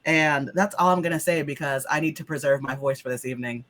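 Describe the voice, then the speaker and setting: A woman's voice: low-pitched, fast talker, fairly bright tone. Sick-voiced woman game master. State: sick, voice lower than usual. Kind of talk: casual stream opening.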